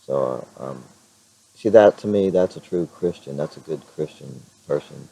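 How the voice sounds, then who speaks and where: Very low, gravelly hoarse man. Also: lively intonation, moderate pace, mellow, poor audio. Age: middle-aged. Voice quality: hoarse, raspy voice. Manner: rambling, frequent fillers and restarts. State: clears throat now and then. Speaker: vlogger. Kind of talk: casual vlog chat.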